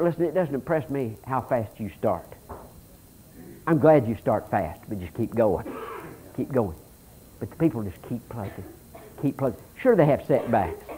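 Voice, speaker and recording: A pastor preaching a sermon, telling folksy stories and reading scripture aloud with animation. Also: male voice, medium pitch, mellow, a little hiss or hum, low-quality recording.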